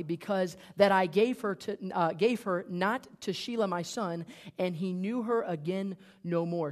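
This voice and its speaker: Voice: medium pitch, a little mellow. A preacher giving an emphatic sermon, reading archaic scripture aloud and asking the congregation rhetorical questions. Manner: reads archaic scripture aloud, then comments.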